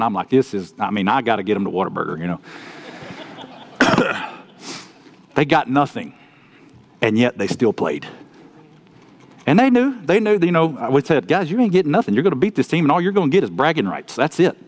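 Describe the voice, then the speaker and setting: A man preaching a sermon, telling folksy stories and swinging between loud outbursts and quiet asides. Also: medium pitch, big pitch swings, moderate pace, long pauses. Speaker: pastor.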